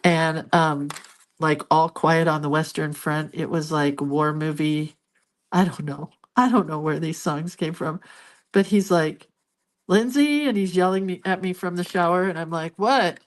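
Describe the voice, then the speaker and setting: Soft-spoken older woman chatting while she colors. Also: low-pitched, level tone, normal speed. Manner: rambling, chatty storytelling; soft, murmured asides. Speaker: art vlogger. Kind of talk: casual chat while coloring.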